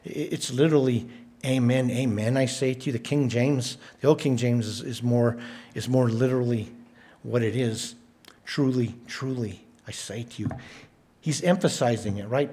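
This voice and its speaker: A male pastor delivering a sermon in a measured, emphatic way. He leans on repetition to drive his points home, and his voice sits at an ordinary pitch for a man. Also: dark tone. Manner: emphatic, repeats words for stress, measured delivery.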